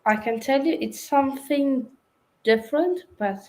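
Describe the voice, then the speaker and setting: A woman co-hosting a live football watchalong answers in short, easygoing replies. Her voice is fairly high and she speaks slowly. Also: lively intonation, a little mellow, low-quality recording. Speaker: co-host of a watchalong stream. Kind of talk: casual live-stream chat.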